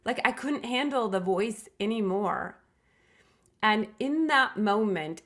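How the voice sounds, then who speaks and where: A woman's voice: mid-range voice, gravelly, fairly bright tone. A middle-aged woman, a podcast guest, telling a personal story in an earnest, reflective way with emphatic restarts.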